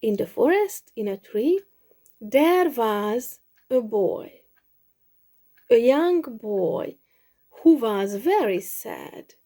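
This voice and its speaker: Woman, storyteller for learners, slow, expressive, repeats phrases. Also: fairly high pitch. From Hungary. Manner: slow, expressive, with many repetitions. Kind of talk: simple story read slowly for English learners.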